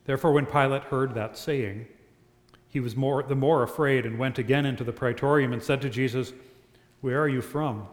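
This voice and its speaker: A man reading scripture aloud at an evening church service in a measured, solemn way. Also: medium pitch, fairly even intonation, reverberant, in a large hall. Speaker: scripture reader.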